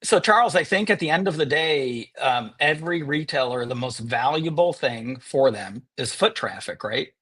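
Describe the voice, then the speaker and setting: A man hosting a live webinar and demoing software. He is upbeat and joking, with sarcastic asides. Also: mid-range voice, expressive, normal speed, few pauses, breathy edge. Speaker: webinar host and software presenter. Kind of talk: live webinar product demo. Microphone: earpiece in one ear.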